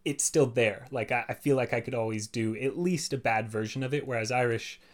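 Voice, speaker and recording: A man's voice: medium pitch, fairly quick. Voice actor guy rambling in a chill podcast chat, lots of "like" and "you know". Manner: chatty, explains at length with many fillers.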